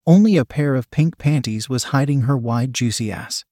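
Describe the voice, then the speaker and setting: A man reading a story aloud as a narrator, in an even, unhurried storytelling manner. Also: mid-range voice, dry recording, studio quality. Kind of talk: scripted audiobook narration.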